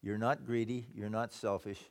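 A man preaching a sermon, reading scripture aloud and explaining it, swinging between loud emphasis and quiet low asides. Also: fairly even intonation, moderate pace.

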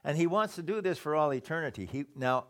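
A man preaching a sermon, reading scripture aloud and explaining it, swinging between loud emphasis and quiet low asides. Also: animated, quick pace.

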